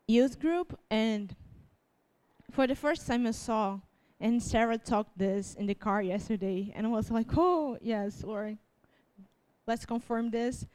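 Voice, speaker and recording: A young woman giving an emotional testimony as a preacher, tearful, halting and restarting often. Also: on the high side, darkish tone, clean tone. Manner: halting, restarts often, laughs through tears. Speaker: youth preacher.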